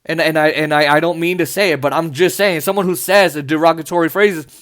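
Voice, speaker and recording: High-pitched sarcastic ranting man. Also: fairly even intonation, fast talker, a bit bright. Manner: exasperated, sarcastic, swears often. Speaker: podcast host. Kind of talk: ranting political commentary.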